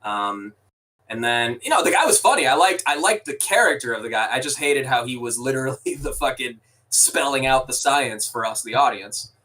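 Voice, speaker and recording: A man's voice: mid-range voice, moderate pace, sharp tone, recorded from a distance, poor audio. A man co-hosting a podcast, chatting casually about a film in rambling, restarting sentences with the odd swear. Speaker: podcast co-host. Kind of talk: casual movie review chat.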